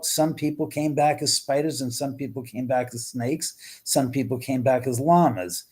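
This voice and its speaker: A middle-aged man hosting a live stream, chatting casually with viewers and reading their comments, animated, with frequent swearing and trailing restarts. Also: mid-range voice, normal speed, few pauses, breathy edge. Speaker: livestream host.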